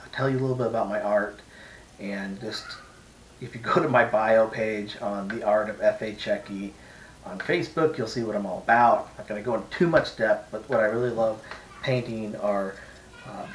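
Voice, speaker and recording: A man's voice: on the low side, echoey room, distant mic, a little hiss or hum, close to an everyday voice, rough recording. A man doing a chatty painter, mock Eastern European accent. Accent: put-on Eastern European. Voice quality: rambling, many restarts and fillers. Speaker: art tutorial host. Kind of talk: casual talk to camera. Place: home art studio room.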